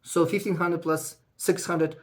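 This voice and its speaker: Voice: mid-range voice, flat delivery, a little slow. Emotional speaker with non-native English. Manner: emotional, raises voice when worked up. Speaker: accountant giving financial advice. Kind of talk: casual advice talk to viewers.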